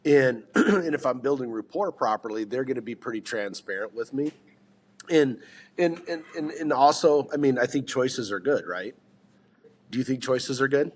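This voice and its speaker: A man's voice: medium pitch, lively intonation, moderate pace. A man giving sales advice in a casual podcast chat, rambling, restarting sentences and firing questions at his listeners.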